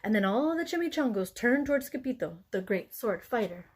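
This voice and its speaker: A woman teacher reading a picture book aloud in an expressive, playful way. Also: fairly high pitch, brisk, slightly rough. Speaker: elementary school teacher.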